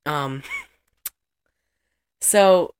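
A woman's voice: deep voice, drawn-out words, clear, resonant tone. A woman in a casual chat, recapping a movie in a chatty, profane way and laughing often.

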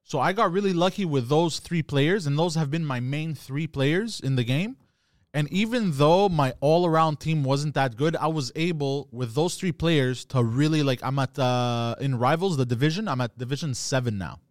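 A man's voice: a little high, normal speed, no room sound, clean studio sound. Laid-back man in casual chat. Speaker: podcast co-host.

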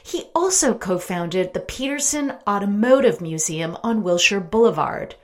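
A woman hosting a podcast, reading her narration in a measured, polished way. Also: mid-range voice, animated. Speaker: podcast host. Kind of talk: interview and scripted narration.

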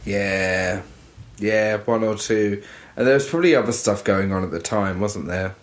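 A man's voice: lowish voice, moderate pace, slight background noise. A man co-hosting a podcast, reacting with enthusiasm and laughing easily in casual chat. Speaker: podcast co-host.

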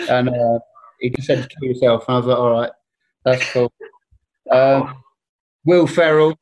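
A man spins a long anecdote in loose, easy chat. He rambles, restarts and laughs at his own mishaps. His voice sits at an ordinary middle pitch. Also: fairly even intonation, normal speed, darkish tone. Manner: rambling, self-deprecating, laughs often. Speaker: guest telling stories. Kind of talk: casual storytelling.

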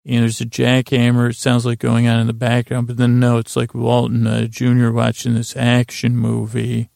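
A man rambling through a bedtime recap of a TV episode, halting often with uh and restarts and making dry asides. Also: mid-range voice, completely flat delivery, creaky, a little mellow, no echo. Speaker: podcast host retelling a TV episode as a bedtime story.

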